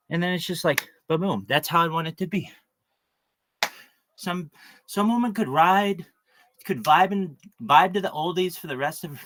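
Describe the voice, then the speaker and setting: A man's voice: on the high side, pushed and bright. A man talking on a livestream in a rambling, joking, crude monologue full of asides.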